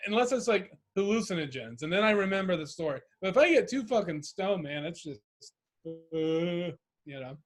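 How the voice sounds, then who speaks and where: A man's voice: sits high, expressive, normal speed. A man co-hosting a podcast in casual chat, laughing, swearing and stumbling over his words. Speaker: podcast co-host.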